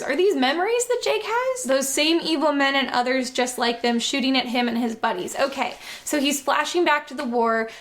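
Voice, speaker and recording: A woman reading a novel aloud and breaking in with sarcastic, amused comments. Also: a little high.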